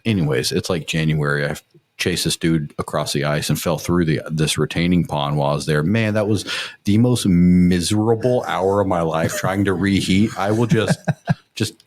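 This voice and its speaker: A man from Mississippi, a former police officer, telling lively stories in a casual chat and acting out what people said. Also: low-pitched, normal speed. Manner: animated storyteller who acts out quoted remarks.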